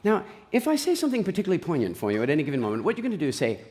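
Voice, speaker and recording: A man giving an animated, jokey talk on stage, telling stories with voiced asides. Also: fairly high pitch, rapid-fire. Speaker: speaker. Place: large event hall. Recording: reverberant hall.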